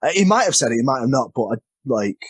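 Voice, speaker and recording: Guy, wrestler guest, mid-pitch voice, dry close sound, rambling and self-mocking. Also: sing-song, fast, slightly rough, dry recording. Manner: rambling, self-deprecating, stumbles over words. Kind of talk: casual interview storytelling.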